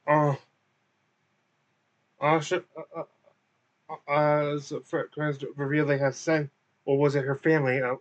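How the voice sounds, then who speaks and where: A man recapping a tabletop game in a casual, halting way, often correcting himself. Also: a little high, flat delivery, highs cut off. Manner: halting, many fillers and self-corrections. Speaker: recap host.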